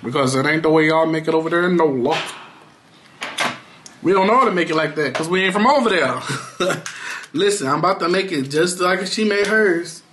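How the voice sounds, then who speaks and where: A man's voice: on the high side, fairly quick, a bit bright, a little hiss or hum. A man talking casually to his viewers in a home vlog, playful and loose with slang and fillers. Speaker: vlogger. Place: home, at his computer and kitchen.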